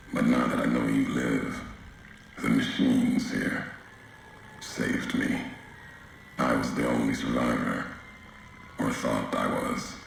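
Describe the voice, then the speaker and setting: An actor playing a grim, brooding male wanderer in a video game, speaking in slow, solemn fragments with a deep gravelly voice. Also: heavy reverb, a little hiss or hum, heavily acted.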